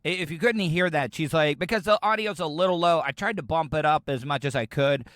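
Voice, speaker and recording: A man's voice: fairly high pitch, fairly quick, a bit bright, no echo, clean studio sound. A man from the United States hosting a podcast, rambling casually as he reacts to audio clips. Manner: rambling, chatty, frequent restarts. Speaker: podcast host.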